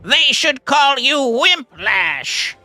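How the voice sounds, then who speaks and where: A man doing a high, nasal impression of a sneering cartoon skeleton villain. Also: sing-song, very slow, bright, forceful tone, faint music behind, heavily acted.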